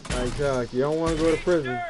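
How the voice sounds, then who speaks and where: Laughing as he plays, a man hosting a gaming video keeps up casual commentary, saying things more than once and addressing a friend. He talks fast in a voice on the high side with fairly even intonation.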